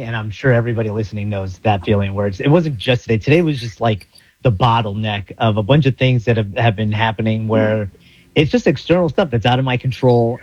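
A man's voice: mid-range voice, a little mellow, dull audio. A man from South Florida co-hosting a radio show, rambling and acting out his inner monologue as he tells a story. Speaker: radio co-host. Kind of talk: casual radio talk.

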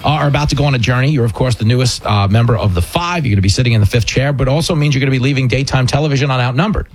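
A man's voice: medium pitch, racing, no room sound, faint music behind. A man hosting a talk radio show, chatting loosely and cracking jokes with his guests and callers. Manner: loose, joking, talks over guests. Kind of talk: casual radio chat.

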